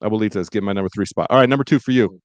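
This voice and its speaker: Male podcast host, smooth clear tone, warm storytelling, dry room. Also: lowish voice, rapid-fire, no room sound. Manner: reflective, storytelling, enthusiastic. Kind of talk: casual chat.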